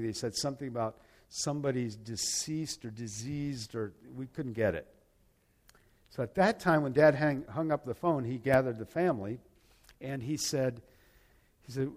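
Older man, earnest storyteller, plain mid-pitched voice, halting delivery. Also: darkish tone. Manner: earnest, halting retelling with repeated words. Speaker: personal testimony speaker. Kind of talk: personal storytelling.

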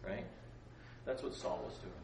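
A man with a creaky, mid-range voice talks a little slowly as he gives a youth group a casual Bible lesson. He's playful, making jokes and asking his listeners questions. He's in a gym-like hall, recorded from a distance in a roomy space with faint noise.

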